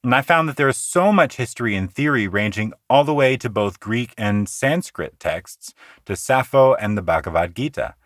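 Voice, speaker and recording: A man hosting a poetry podcast, explaining meter in an earnest, conversational teaching manner that shifts between quick asides and slow, deliberate reading. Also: mid-range voice, lively intonation, a bit bright, no room sound, studio quality. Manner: earnest, explanatory, slows down to recite lines rhythmically.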